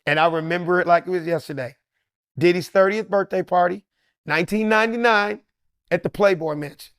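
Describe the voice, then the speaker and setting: A comedian, a man, telling an animated story and acting out the lines of everyone in it. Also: high-pitched, a little fast, clean tone, no echo, clean studio sound. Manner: lively, acts out every character's line.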